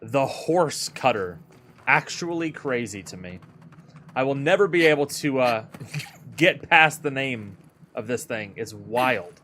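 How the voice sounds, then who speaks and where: A man's voice: mid-range voice, lively intonation, takes it slowly, fairly bright tone, slight background noise. A man streaming a game, chatting casually with viewers in an easygoing way and often repeating words as he thinks. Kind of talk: casual live-stream chat while gaming.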